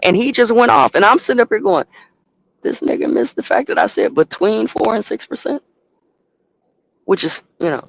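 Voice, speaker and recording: Man, trucking company owner, gravelly voice on the high side, animated profane storyteller, dry close recording. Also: moderate pace, pauses often. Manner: animated, profane, acts out both sides of a phone call. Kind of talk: casual storytelling to a live audience.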